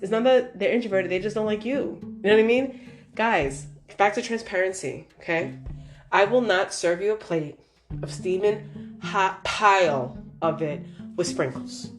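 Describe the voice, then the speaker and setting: A woman vlogger giving blunt life lessons in a casual motivational monologue, sassy and emphatic, acting out quotes with big swoops in pitch. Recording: roomy echo, faint guitar music behind. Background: faint guitar music.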